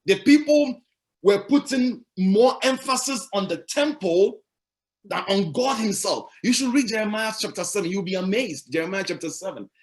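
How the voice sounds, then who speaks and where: Man, pastor, sermon, fairly high pitch, emphatic, repetitive, rhetorical questions. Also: normal speed.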